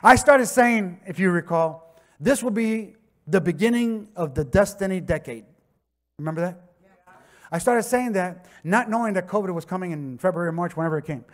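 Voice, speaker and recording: A pastor with a Miami accent preaching a sermon, telling stories conversationally and rising to impassioned shouts. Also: male voice, high-pitched, animated, moderate pace. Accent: Miami English. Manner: conversational storytelling with acted quotes. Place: church sanctuary.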